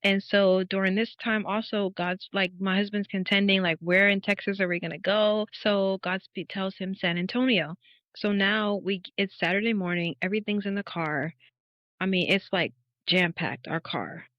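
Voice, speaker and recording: A woman's voice: medium pitch, normal speed, no room sound. Woman in her thirties telling her testimony. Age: 30s. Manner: lively storyteller who acts out quoted dialogue and laughs often. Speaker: podcast guest. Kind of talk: faith testimony storytelling. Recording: dull, dry podcast audio.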